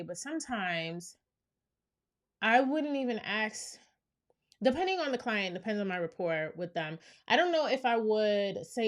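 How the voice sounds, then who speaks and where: A woman's voice: medium pitch, expressive, moderate pace. A woman therapist giving reaction commentary, explaining things step by step and often checking in with "right?". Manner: reflective, explains step by step, many "right?" asides.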